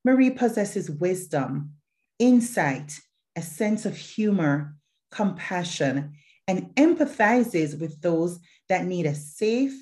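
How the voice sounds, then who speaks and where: A woman hosting a podcast, reading a formal guest introduction and asking questions in a measured, affirming way. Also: fairly low pitch, mellow. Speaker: podcast host. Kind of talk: podcast interview, read introduction.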